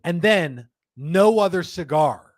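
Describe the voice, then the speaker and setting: A man's voice: on the high side, animated, takes it slowly, no echo. Chatty, jokey male podcast host. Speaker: livestream host. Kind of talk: casual podcast chat.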